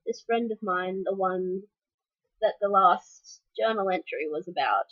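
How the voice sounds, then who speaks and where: A woman's voice: medium pitch, measured pace, lo-fi sound. A young woman talking frankly to the camera in a personal vlog update, with fillers and restarts. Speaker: vlogger.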